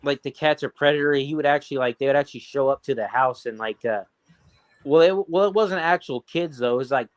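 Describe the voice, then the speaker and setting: A man's voice: medium pitch, a little fast. Profane rambling man on a podcast. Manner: profane, rambling, animated storytelling. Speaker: podcast co-host. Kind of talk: casual chat.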